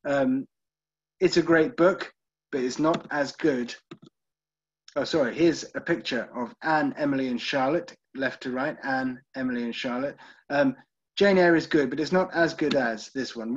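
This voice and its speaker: British male tour guide, chatty and informal, a bit husky, lo-fi online audio. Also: medium pitch, normal speed. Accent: British English. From United Kingdom. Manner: chatty, checks in with listeners, frequent ums. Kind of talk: live online literary tour talk with poem readings.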